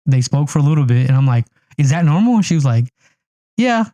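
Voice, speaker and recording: New dude cohosting a podcast, talks fast, says like a lot, dark mellow tone. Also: male voice, mid-range voice, no echo. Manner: rambling storyteller, lots of "like" and "yo". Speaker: podcast co-host. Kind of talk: casual chat.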